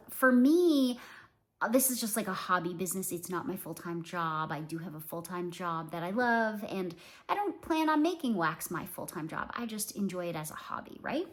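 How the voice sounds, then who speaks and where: A woman from Canada in her forties, a small business owner talking casually to her viewers, rambling with lots of fillers. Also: lowish voice. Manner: chatty, rambling, many fillers and "like"s. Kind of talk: casual talk to camera.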